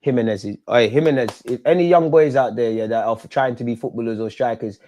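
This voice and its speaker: A young man hosting a live football watch-along, talking at the players on screen and yelling at big moments. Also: medium pitch, fast talker. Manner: excitable, talks to the players on screen; shouts and yells at goals and chances.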